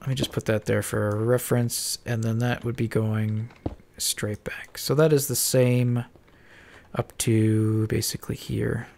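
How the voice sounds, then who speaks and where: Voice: medium pitch, level tone, a little slow, gravelly, a little mellow, slight background noise. A stuffed-up player mumbling and thinking aloud while building in a block game. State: stuffed-up nose. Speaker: Minecraft let's-player. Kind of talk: casual building commentary.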